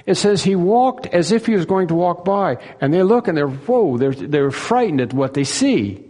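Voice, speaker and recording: A man's voice: sits high, expressive, normal speed, mellow. A man preaching an expository sermon in earnest tones, repeating key phrases for emphasis. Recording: long reverb of a large hall.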